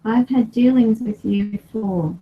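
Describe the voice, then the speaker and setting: Husky woman commanding unseen spirits. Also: a little high, unhurried, narrow, tinny audio. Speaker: paranormal investigator. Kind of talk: spirit-box session vlog.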